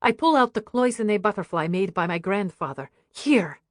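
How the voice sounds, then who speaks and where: A woman reading an audiobook in a hushed, grave first-person voice. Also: mid-range voice, fairly quick, dry recording, clean studio sound. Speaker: audiobook narrator. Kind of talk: scripted audiobook narration.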